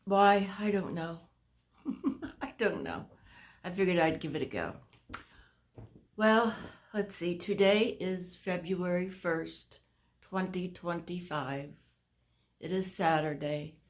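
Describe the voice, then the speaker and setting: A woman vlogging a personal update to her viewers on a phone camera. She is short of breath, halting, and restarts often. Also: lowish voice, expressive. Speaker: vlogger sharing a health update. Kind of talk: casual talk to camera.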